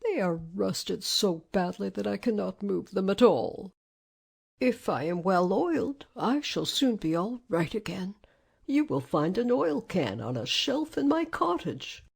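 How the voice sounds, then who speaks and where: A woman voicing a courteous, grateful male tin woodman in a storybook reading, speaking slowly and plaintively. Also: mid-range voice, big pitch swings, gravelly, slightly rough, heavily acted. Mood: polite. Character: polite, grateful male man of tin, rusted stiff.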